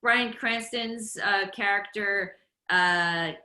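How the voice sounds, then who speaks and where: A woman guest on a podcast, telling a story in a lively, animated way, stumbling and restarting as she acts out the quotes. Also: medium pitch, slow pace, roomy sound. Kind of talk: casual storytelling chat.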